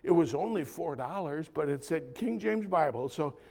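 A preacher retelling a halting, anxious woman. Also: low voice, animated, vocal fry, a little mellow, slightly rough, in a large hall, full character voice. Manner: halting, stumbling restarts. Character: anxious adult woman asking about heaven.

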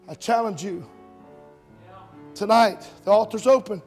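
A man preaching a revival sermon, telling stories that swell to shouts and drop to a hush, ending in an altar call. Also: normal speed, soft background music. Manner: storytelling, voice swells to shouts then drops low.

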